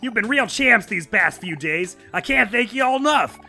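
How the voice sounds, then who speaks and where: A man's voice: sits high, lively intonation, normal speed, sharp tone, soft background music, pitched above the performer's own voice, full character voice. A man doing a chummy put-on American dad. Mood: cheery. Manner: chummy, upbeat delivery. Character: cheery middle-aged dad, forgetful and friendly.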